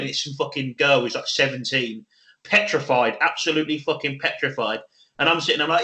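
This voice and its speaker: A man's voice: a little high, fast, sharp tone, roomy sound, rough recording. A man, co-hosting a casual podcast chat and telling rowdy stories between laughs, with plenty of swearing. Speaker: podcast co-host.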